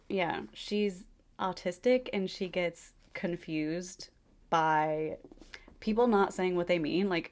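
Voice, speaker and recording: A woman in a casual, animated chat to camera as a book reviewer, gushing over her favourite reads. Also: fairly low pitch.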